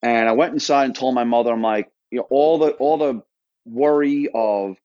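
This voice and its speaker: A man's voice: mid-range voice, normal speed, a little mellow, no echo, highs cut off. A man in his thirties from Florida, a podcast guest telling his story in a casual, rambling way full of restarts and quoted dialogue. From Florida, United States.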